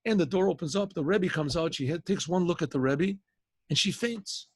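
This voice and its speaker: A man, a rabbi, telling a story in a loose, casual way, with restarts and frequent throat clearing. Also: a little high, moderate pace, no echo. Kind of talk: storytelling lesson.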